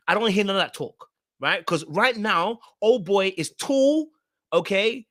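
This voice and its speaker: Brief: man, talkative recap host, repeats himself, fairly high voice. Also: normal speed, no room sound, studio quality. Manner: animated, repeats words, talks straight to viewers. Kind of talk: casual commentary recap.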